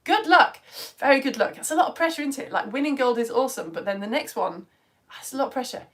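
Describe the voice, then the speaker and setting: Bubbly woman teacher, higher voice. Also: expressive, quick pace, a bit bright. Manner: bubbly, chatty, exclaiming names. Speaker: children's science teacher. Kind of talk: live-stream chat reading out viewer comments. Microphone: phone.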